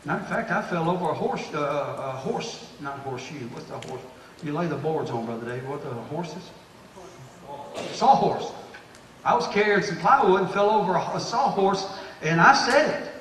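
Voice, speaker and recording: A pastor with a fairly high voice preaches in a long-ringing church hall, picked up from a distance. He exhorts and repeats himself, building to loud, emphatic peaks. A faint room hum sits under the echo. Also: lively intonation, normal speed. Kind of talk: sermon to a church group. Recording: echoey hall, distant mic.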